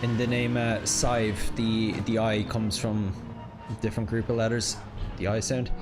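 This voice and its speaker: A man's voice: lowish voice, little pitch movement, unhurried, over music. A man chatting casually on a livestream while racing, answering viewers and often apologizing mid-sentence. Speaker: sim racing streamer.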